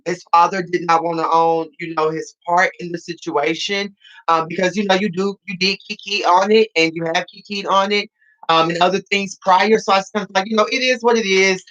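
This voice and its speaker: A man's voice: sits high, steady tone, brisk, bright, forceful tone, highs cut off. Sassy man giving dramatic commentary. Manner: sassy, dramatic, repeats phrases for emphasis. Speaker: reality TV cast member reviewing his show. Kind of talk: casual podcast commentary.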